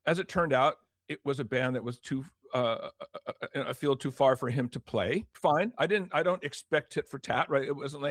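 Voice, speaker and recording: Brisk and mid-range, the voice comes through a dry, clean studio recording. It belongs to an older former record promotion executive who, as an interview guest, tells animated stories, voices quoted dialogue, and restarts many times.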